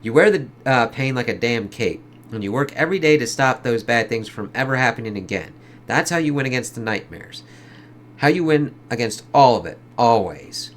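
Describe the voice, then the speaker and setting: A man's voice: medium pitch, animated, normal speed, a little hiss or hum, lightly acted. A man reading aloud a mother comforting her son after a trauma, in his plain voice with no character voice. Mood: encouraging.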